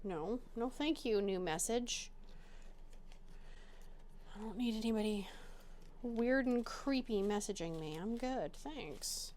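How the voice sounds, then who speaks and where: A woman's voice: a little high, takes it slowly, pauses often, a little mellow, slight background noise. A young adult woman hosting her crafting channel, chatting casually and bubbly, poking fun at herself. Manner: bubbly, chatty, self-mocking. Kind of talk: casual chat to camera.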